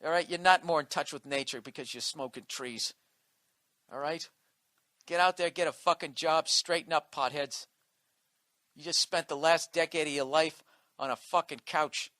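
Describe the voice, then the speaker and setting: A man's voice: a little high, moderate pace, sharp tone, dry recording. Profane, combative male comedian ranting. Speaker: comedian podcast host. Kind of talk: comedic rant.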